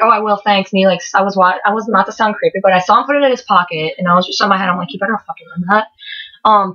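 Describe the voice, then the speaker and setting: Fast, rambling teen girl on a webcam. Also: medium pitch, pushed and bright. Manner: fast, rambling, swears a lot, lots of "like". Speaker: vlogger. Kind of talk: casual storytelling chat. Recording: dull lo-fi webcam audio.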